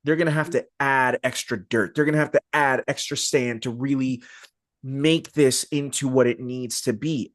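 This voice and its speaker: A man hosting a podcast interview, telling stories in an animated, joking, slangy way. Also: medium pitch, no room sound, clean studio sound. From Arizona. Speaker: podcast host. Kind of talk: casual interview chat.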